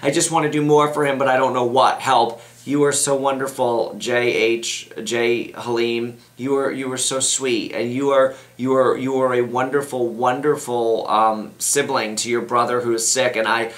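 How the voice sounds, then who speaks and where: A man's voice: medium pitch, flat delivery, moderate pace, hardly any pauses, reverberant. A man hosting an advice show, reading out viewer letters and answering them in a chatty, rambling way, often restarting his sentences. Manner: chatty, rambling, self-interrupting. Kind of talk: casual advice chat.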